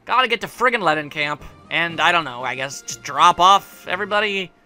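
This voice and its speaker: A man's voice: a little high, animated, fairly quick, pushed and bright, faint music behind. A man giving casual let's play commentary, rambling and sarcastic, joking at the game's characters.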